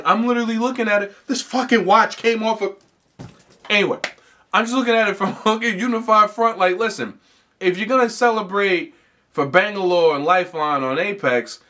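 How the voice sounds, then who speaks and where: A young man hosting a comedy podcast, ranting casually with lots of swearing, restarts and animated asides. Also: sits high. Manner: profane, animated, rambling with frequent restarts. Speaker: podcast host.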